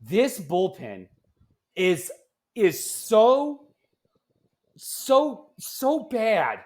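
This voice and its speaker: A man co-hosting a casual sports podcast, ranting in an animated, exasperated way that often turns loud. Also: sits high, extremely slow. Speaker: podcast co-host.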